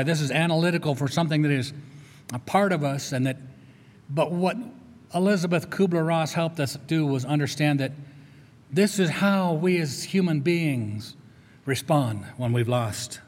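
A man's voice: fairly high pitch, moderate pace. An older man, a chaplain, preaching a sermon in an earnest, conversational storytelling way. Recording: long reverb of a large hall.

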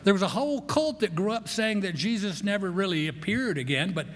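Man, pastor, conversational sermon, fairly high voice, long reverb of a church hall. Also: animated, fairly bright tone. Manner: conversational, repeats words, quick asides.

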